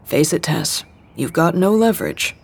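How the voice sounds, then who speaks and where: Sardonic sleepy young man in a storybook reading, low husky tone, woman reading. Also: animated, moderate pace, full character voice. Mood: teasing. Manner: grumbling, sardonic. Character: sleepy grumpy young man, narrator's friend.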